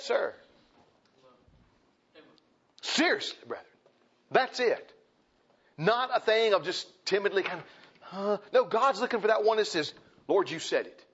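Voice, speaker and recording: Emphatic folksy preacher, high lively voice. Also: male voice, normal speed, long pauses, breathy edge. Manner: folksy, emphatic, repeats phrases. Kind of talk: sermon. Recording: dull lo-fi recording.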